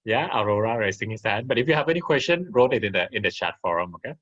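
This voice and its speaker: A man's voice: lowish voice, animated, fast talker, a bit bright, highs cut off. A man teaching an online class, telling a farmyard story and asking his listeners questions as he goes. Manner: interactive, asks the audience questions.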